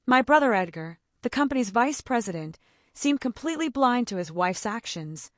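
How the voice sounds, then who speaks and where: A woman's voice: fairly high pitch, big pitch swings, normal speed, dry recording, studio quality. Woman narrating a dramatic story. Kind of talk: scripted first-person story narration.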